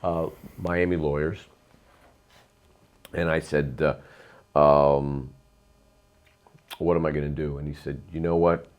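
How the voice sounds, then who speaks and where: A man's voice: extremely low pitch, flat delivery, takes it slowly, pauses often, highs cut off. A middle-aged man, a real estate investor, telling long rambling stories in an interview, emphatic and full of ums and uhs. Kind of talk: storytelling interview.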